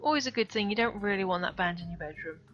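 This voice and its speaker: A woman's voice: medium pitch, quick pace, fairly bright tone. Woman streaming, reads the game out and cracks dry jokes, muffled audio. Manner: wry asides between dialogue. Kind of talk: reading a visual novel aloud with commentary. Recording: dull lo-fi stream audio, faint music.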